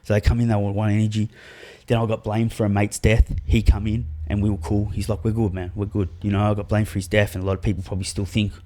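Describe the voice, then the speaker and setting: Earnest man, low soft voice. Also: completely flat delivery. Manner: earnest, heavy swearing, drawn-out soft delivery. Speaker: podcast guest. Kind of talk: casual storytelling interview.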